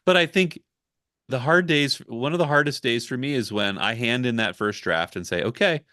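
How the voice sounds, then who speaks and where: A man's voice: medium pitch, moderate pace, sharp tone, dry recording, studio quality. A man who works as a ghostwriter, speaking candidly and reflectively in a casual podcast conversation. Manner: candid, reflective, talks it through. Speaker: ghostwriter guest.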